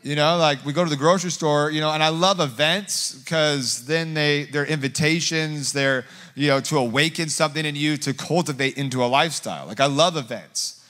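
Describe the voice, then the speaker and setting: Rambling guest pastor in a reverberant church. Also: male voice, fairly high pitch, fairly quick, few pauses. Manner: rambling, filler-heavy, animated when quoting himself. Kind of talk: conversational sermon storytelling. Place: church sanctuary. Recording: long hall reverb.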